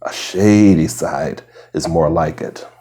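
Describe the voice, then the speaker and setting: A man reading essays aloud in a soft ASMR style, hushed and slow, sometimes slipping into a whisper. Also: a bass voice. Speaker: reader. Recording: lo-fi home recording.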